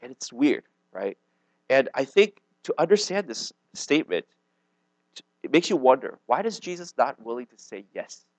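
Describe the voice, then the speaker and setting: A man's voice: mid-range voice, no echo, low-quality recording. A man preaching a sermon in a conversational way, often checking in with his listeners and restarting his sentences. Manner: conversational, checks in with "okay?" and "right?"; frequent restarts and stumbles. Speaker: pastor.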